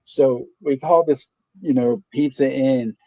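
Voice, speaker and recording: Laid-back man, casual storytelling host, mellow dark tone, dry close sound. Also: medium pitch, unhurried, no room sound. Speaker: host of a movie watch party stream. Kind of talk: casual chat.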